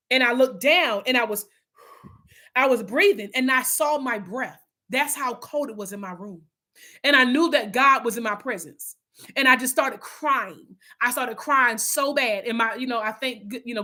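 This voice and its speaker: A woman's voice: on the high side, bright, forceful tone. A woman leading an online Bible study in a casual, heartfelt way, talking straight to her listeners and often restarting her sentences. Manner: heartfelt, earnest, addresses listeners as y'all; rambling with frequent restarts. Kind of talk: casual spiritual talk to viewers.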